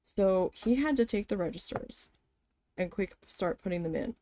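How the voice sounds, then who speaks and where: A woman's voice: medium pitch, normal speed, slight background noise. A woman telling a story casually as she vents about an old job, swearing and acting out what people said. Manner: venting, animated, swears, acts out quoted voices. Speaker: vlogger. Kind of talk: casual storytime while embroidering.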